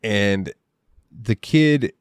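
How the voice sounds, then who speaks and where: A man co-hosting a loose film podcast, animated and quick to laugh, with plenty of swearing. His voice is low. The sound is dry and close. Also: clear, resonant tone, no room sound. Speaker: podcast co-host. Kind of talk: casual chat about a film.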